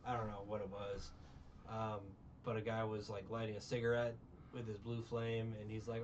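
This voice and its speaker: A man's voice: on the low side, completely flat delivery, normal speed. A man in casual chat recapping a film, rambling with restarts and incredulous rants. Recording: lo-fi with faint hiss.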